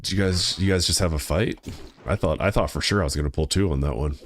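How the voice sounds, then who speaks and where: A man's voice: sits low, fast talker, slight background noise. A young man streaming a game, chatting casually with his viewers in a laid-back, rambling way that stumbles and repeats words. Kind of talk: casual live-stream chat while gaming.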